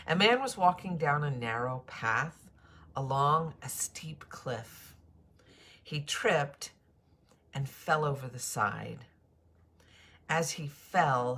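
A woman's voice: extremely low pitch, bright, forceful tone, husky. A woman pastor giving a morning devotion, greeting listeners by name and preaching earnestly with emphatic repetition.

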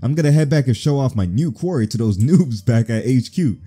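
A man's voice: medium pitch, expressive, brisk, warm tone, breathy edge, soft background music, voice pushed up. A man voicing an overexcited young male gangster grunt with a country accent, in a game playthrough. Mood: breezy. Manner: giddy and overexcited.

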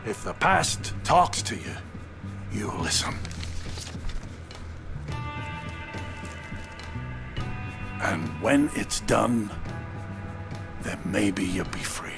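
A soft-spoken old grandfather for a game, rough-edged gravelly voice, slow and deliberate. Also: fairly low pitch, big pitch swings, music in the background, full character voice. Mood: gentle. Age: older. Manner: soft, comforting, reflective. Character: gentle, weary old grandfather, losing memories. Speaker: grandfather character. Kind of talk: video game voice acting.

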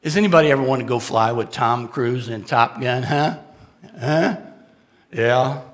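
A man telling a dramatic story as a keynote speaker to an audience. He asks the listeners questions and moves from loud, urgent bursts to hushed, confessional lines. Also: mid-range voice, measured pace, in a large hall.

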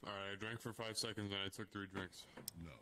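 A man's voice: lowish voice, little pitch movement, brisk. A man in a drunken voice chat, laid-back and playing along with drinking dares. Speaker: VR chat player. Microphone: no headphones, open mic. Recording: crowded noisy voice chat.

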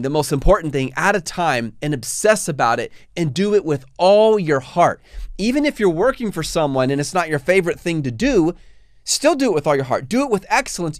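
A man's voice: a little high, no room sound, clean studio sound. An earnest man hosting a motivational podcast, telling stories and acting out quotes. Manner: earnest, storytelling, acts out quotes. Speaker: podcast host.

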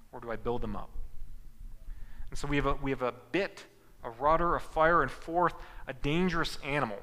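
A man's voice: on the high side, sharp tone. Man preaching in a reverberant hall. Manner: earnest preaching with frequent restarts. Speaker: pastor. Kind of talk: sermon. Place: church sanctuary.

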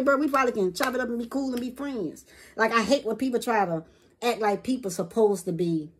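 A woman's voice: fairly high pitch, husky. A woman vlogger giving a rambling, profane opinion rant to camera in casual street slang.

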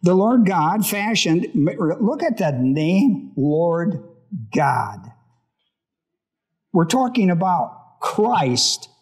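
A man's voice: high voice, very animated, drawn-out words, slightly rough. A male pastor reading scripture in a Bible study sermon, stopping often to put questions to his congregation.

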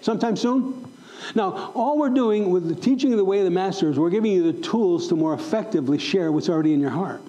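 High-voiced, mellow male pastor preaching. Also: fast, muffled recording. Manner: emphatic, repeats questions to the congregation. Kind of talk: sermon. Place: church sanctuary.

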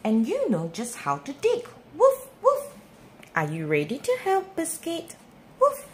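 A woman reading a children's bedtime story aloud in a slow, sing-song, expressive way. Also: a little high, a little hiss or hum. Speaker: storybook reader.

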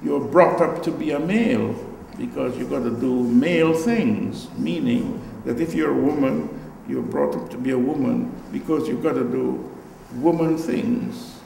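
A man's voice: mid-range voice, a little slow, creaky, warm tone, echoey room, long reverb tail, slight background noise, poor audio. An older man with a Guyanese accent, an artist giving a reflective, storytelling talk about his work in a gallery. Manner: reflective, storytelling, trailing asides.

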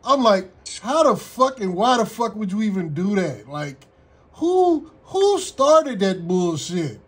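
Husky, high-voiced man. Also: big pitch swings. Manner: laid-back, emphatic, quick agreeing interjections. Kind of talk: casual radio chat.

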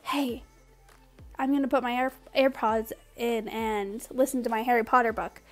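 A woman's voice: on the high side, fairly even intonation, moderate pace, faint music behind, lightly acted. A woman voicing a shy, teary fifteen-year-old girl who pleads and breaks into sobs. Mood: timid.

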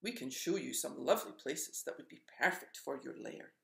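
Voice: lively intonation, vocal fry, echoey room. A storyteller voicing a small, nervous, polite male squirrel who speaks anxiously. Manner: high, hurried, anxious.

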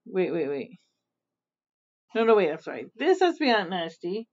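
A woman's voice: lowish voice, sing-song, moderate pace, a little mellow. A woman reading a picture book aloud in a casual way, often stopping to explain things. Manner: chatty, stops to explain and laugh. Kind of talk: casual read-aloud storytelling. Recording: dull lo-fi recording.

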